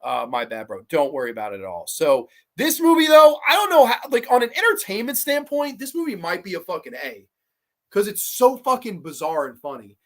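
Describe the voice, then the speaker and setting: Male streamer, casual horror-review host, swears freely, excitable, banters with chat. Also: high voice, fairly quick. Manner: profane, excitable, reacts to chat. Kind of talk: casual livestream commentary.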